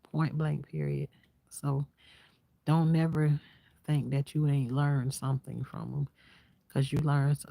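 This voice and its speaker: Soft-spoken woman with a gravelly, warm voice. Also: low voice, dry recording. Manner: soft-spoken, half-whispering, reflective. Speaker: vlogger. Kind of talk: casual heartfelt talk to viewers. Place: outdoors at night in the quiet countryside.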